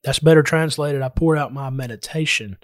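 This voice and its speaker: A man's voice: medium pitch, normal speed, no room sound, studio quality. A man preaching a sermon in an earnest, explanatory way, speaking directly to his listeners.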